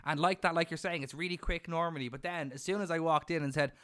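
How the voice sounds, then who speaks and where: A man's voice: a little high, steady tone, fast, sharp tone. A man hosting a casual podcast chat, asking questions with an enthusiastic, teasing manner. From Ireland. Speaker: podcast host.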